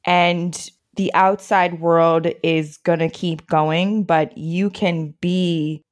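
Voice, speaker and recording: Lowish-voiced lady guest, chatty, animated, acts out what people said, laughs a lot. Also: drawn-out words. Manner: animated storyteller who acts out quotes, laughs often. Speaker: interview guest. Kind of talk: casual conversation.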